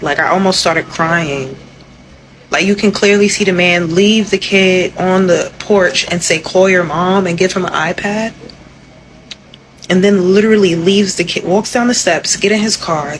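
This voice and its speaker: An outraged speaker firing off rhetorical questions in a commentary video. Mid-pitched, with a faint hiss behind the voice. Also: fairly bright tone, rough recording.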